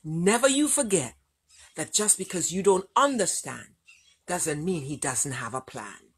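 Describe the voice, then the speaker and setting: A woman preaching a sermon with passion, swinging between loud, rising lines and hushed, low ones. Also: big pitch swings, measured pace, slightly rough.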